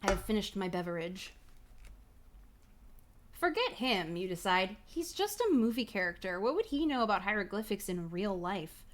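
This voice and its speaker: A woman's voice: medium pitch, very animated, normal speed, a little hiss or hum. A woman livestream host reading a choose-your-own-adventure book aloud, playful, laughing often and casually swearing. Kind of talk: reading aloud with live commentary.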